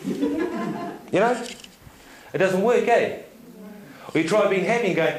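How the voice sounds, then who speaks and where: A man giving a seminar talk to an audience, telling stories in an animated way, laughing often and checking in with "yeah?". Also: sits high, takes it slowly, pauses often, a crowd in the background. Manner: animated storyteller, laughs often, tag questions. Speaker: seminar speaker. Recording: echoey room.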